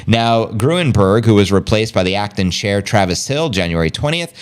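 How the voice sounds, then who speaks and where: A man's voice: on the low side, animated, moderate pace, smooth. A man hosting a casual livestream, reading out news and chat comments in a hyped, loose, chatty way. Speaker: crypto livestream host.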